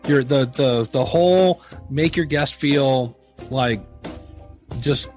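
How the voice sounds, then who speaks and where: A man's voice: medium pitch, slow pace, darkish tone, faint music behind. A middle-aged man talking candidly as a podcast guest, telling stories in a self-deprecating way with many restarts. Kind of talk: casual interview chat.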